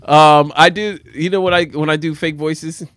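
A man with a New Jersey accent co-hosting a casual podcast, animated and laughing often. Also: fairly high pitch, no room sound. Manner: animated, laughs often, acts out voices in quick bits. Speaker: podcast co-host. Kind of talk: casual chat.

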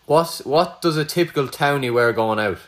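A man's voice: medium pitch, moderate pace, a bit bright. A young Irish man running a casual quiz between friends, teasing and swearing freely. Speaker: quizmaster. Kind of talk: casual chat.

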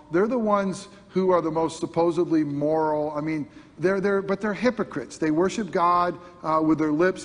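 Male pastor, high husky voice, animated sermon with acted-out voices, long hall reverb. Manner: animated preaching, acts out imagined voices, swings from loud to hushed.

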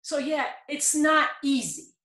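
A woman's voice: high voice, slow, creaky, sharp tone. A middle-aged woman telling a personal story earnestly in an interview, her voice rising in pleading emphasis. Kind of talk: personal testimony in conversation. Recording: echoey room.

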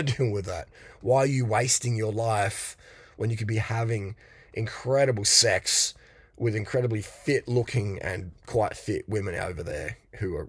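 A man with a somewhat low, husky voice holds forth as a podcast host. His talk is blunt, crude and rambling, and the recording is dry and close. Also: no room sound. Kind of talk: casual monologue.

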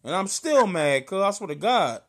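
St dude riffing with his cousin, loud and animated, slightly high voice. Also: moderate pace. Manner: loud, animated storyteller, slangy and emphatic. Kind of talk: casual chat between cousins.

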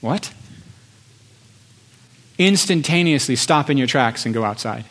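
A man preaching a sermon to his congregation, impassioned, building through repeated phrases with pauses. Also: medium pitch, expressive, fairly bright tone. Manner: impassioned, rhetorical repetition with pauses. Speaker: pastor.

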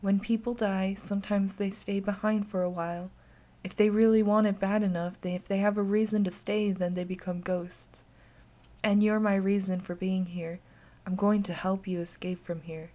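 A woman voicing the gentle ghost of a young girl, speaking softly and calmly to reassure. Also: mid-range voice, moderate pace, lightly acted. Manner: soft, calm, reassuring.

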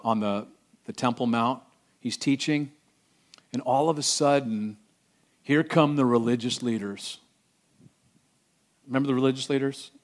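A middle-aged man preaching a sermon, acting out voices and swinging from loud declarations to hushed, tender lines. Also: medium pitch. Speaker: pastor.

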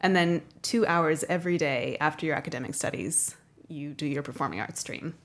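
A woman's voice: low-pitched, brisk. A woman in her thirties with a North American accent, a guest chatting casually, laughing often and using many fillers. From North America, half Canadian, half American. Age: 30s. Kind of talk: casual interview chat.

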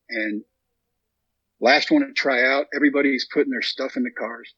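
A Texan man in his thirties, a guest on a storytelling interview, spins a long tale and animatedly acts out what people said. His voice sits in the mid-range at a normal pace, and the lo-fi recording has no echo.

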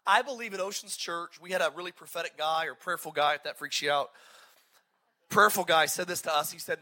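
A man preaching a sermon as a pastor, telling stories in an energetic, joking and self-deprecating way. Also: on the high side, fairly quick. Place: church.

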